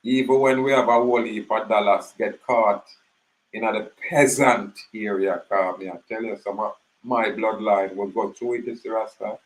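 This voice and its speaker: A man's voice: on the low side, normal speed, low-quality recording. Jamaican man rambling in Patois. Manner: rambling, animated storytelling in Patois. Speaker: channel host. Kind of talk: casual monologue.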